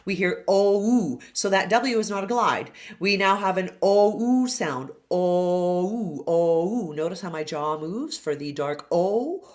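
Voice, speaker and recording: Slow, careful woman pronunciation coach. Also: mid-range voice, animated. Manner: models sounds slowly and clearly, with whispered and hummed demonstrations. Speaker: singing and pronunciation teacher.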